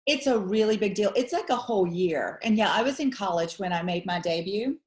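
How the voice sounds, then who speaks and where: A woman's voice: mid-range voice, expressive, fairly quick, a little mellow. A woman in her forties from Georgia with a Southern accent, a guest chatting casually and laughing easily. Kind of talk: casual interview chat. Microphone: video call. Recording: echoey room on a video call.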